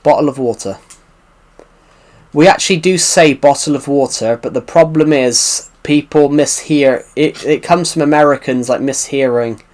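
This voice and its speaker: Rambling British man, slightly high voice. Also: moderate pace, a little mellow. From United Kingdom. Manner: rambling, circles back and repeats himself. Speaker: livestreamer answering chat. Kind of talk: casual live-stream chat.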